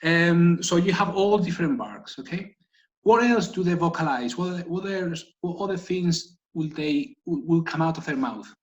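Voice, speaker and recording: A man's voice: a little high, lively intonation, normal speed, highs cut off. Man leading a volunteer video call. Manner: chatty, keeps checking in with "okay?". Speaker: guide dog trainer leading online volunteer meeting. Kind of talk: casual instructive talk on a video call.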